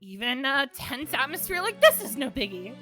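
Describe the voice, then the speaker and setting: A woman voicing an upbeat, confident young woman lawyer in a game, reading her lines brightly. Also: high-pitched, very animated, normal speed, faint music behind, heavily acted. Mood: cheerful.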